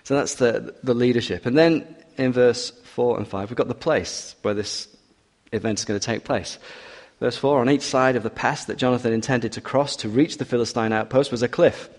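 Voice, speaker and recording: A man's voice: medium pitch, moderate pace. A man preaching in a reverberant hall. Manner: builds to emphatic urging, teasing asides to the congregation. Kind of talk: expository sermon.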